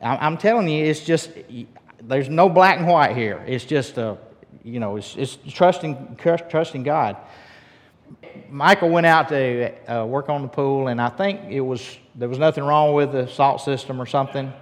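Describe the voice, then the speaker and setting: A man preaching a relaxed, story-driven sermon as a pastor. He asks the congregation questions and often restarts his sentences. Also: medium pitch, normal speed. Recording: long hall reverb.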